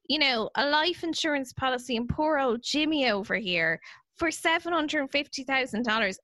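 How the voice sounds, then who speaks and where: Lively, bright-voiced Irish woman. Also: high-pitched, no echo. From Ireland. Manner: animated, giggly storyteller. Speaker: podcast host. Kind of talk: casual podcast chat.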